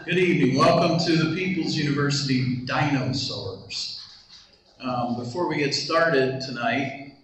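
A man's voice: mid-range voice, unhurried, fairly bright tone, slight background noise. A man hosting an evening class, playful and rambling as he makes announcements to a live audience. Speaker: class host. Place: lecture room with live audience. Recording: echoey room from far off.

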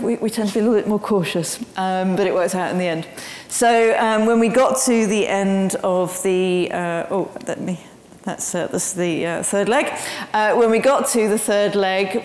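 A woman giving a public lecture, telling her story in a lively way with frequent ums. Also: mid-range voice, slight background noise. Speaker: guest speaker. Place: lecture hall. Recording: roomy hall with long reverb.

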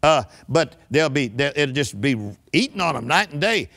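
An older man preaches a church sermon in a fervent, rousing style, his voice slightly raised, fairly high, and fairly bright with vocal fry. He speaks at a normal speed and expressively, stressing his points and repeatedly calling on listeners to repeat after him in emphatic call-and-response fashion.

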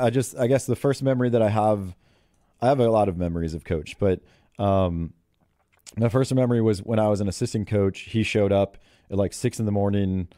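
Chatty golf coach man, dark voice. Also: fairly low pitch, dry recording, clean studio sound. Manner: chatty, laughs often while telling stories. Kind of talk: interview storytelling.

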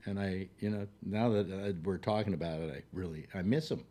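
Older male host, low-pitched, rambling and halting storyteller. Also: mellow. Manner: halting, full of fillers and restarts. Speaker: radio talk show host.

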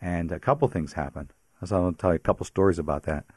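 A priest from the Pittsburgh area tells his faith story as a radio interview guest, in a very deep voice. He talks like a chatty storyteller and breaks into laughter often. The sound is dry and close, with no room behind it. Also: expressive, fast, a little mellow, husky, no echo.

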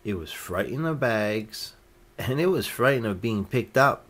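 A man reading a children's picture book aloud, gently lifting his voice for each character's lines. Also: lowish voice, lively intonation, measured pace. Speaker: storyteller.

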